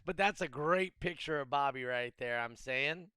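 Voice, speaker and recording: A man hosting a casual live stream, reading out viewer names in a relaxed way with many fillers. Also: medium pitch, moderate pace, smooth, no room sound. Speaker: host.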